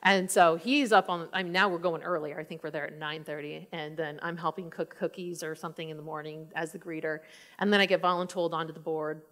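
Animated woman telling her own story. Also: low voice, a little fast. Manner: laughs often. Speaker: church speaker sharing her testimony. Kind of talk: personal testimony talk.

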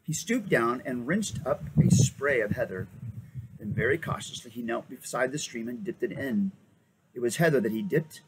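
A man reading a children's novel aloud in an expressive, animated way. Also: mid-range voice, normal speed, noisy background. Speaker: reader. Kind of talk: storybook read-aloud.

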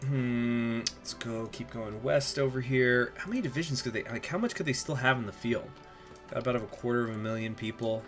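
A man's voice: medium pitch, fairly quick, soft background music. A young man streaming a strategy game live, chatting in a rambling way and reacting aloud to what happens on screen.

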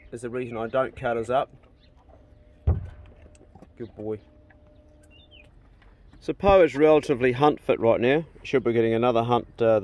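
A man's voice: mid-range voice, a little mellow, slight background noise. Easygoing Kiwi man chatting to his animals. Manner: easygoing, chatty, coaxing animals in a raised sing-song voice. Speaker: vlogger feeding his dogs and farm animals. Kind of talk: casual outdoor vlog, talking to animals. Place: outdoors on a rural property. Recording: music playing behind the voice.

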